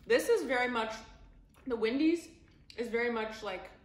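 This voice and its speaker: A woman's voice: a little high, animated, moderate pace, reverberant. A woman hosting a casual food taste test, upbeat and teasing as she thinks aloud.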